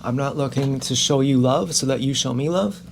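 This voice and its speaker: A man's voice: mid-range voice, moderate pace, creaky, a little hiss or hum. A man vlogging in a frank, rambling monologue to camera, swearing freely and laughing often.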